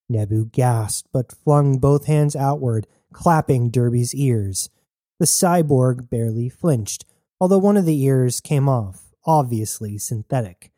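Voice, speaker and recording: Male narrator, dark mellow tone, dry booth sound, steady storytelling. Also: medium pitch, slow pace, no room sound. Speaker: audiobook narrator. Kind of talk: scripted narration.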